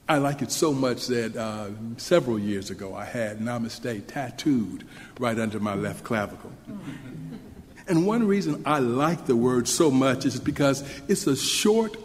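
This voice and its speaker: Man giving a sermon in a reverberant hall. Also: mid-range voice. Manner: earnest, measured delivery with audience asides. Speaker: minister.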